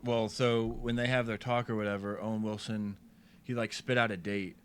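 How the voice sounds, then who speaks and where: Low-voiced young man, casual and profane. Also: level tone, normal speed, smooth. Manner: laid-back, profane, laughs along. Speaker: podcast co-host. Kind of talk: casual movie-recap chat.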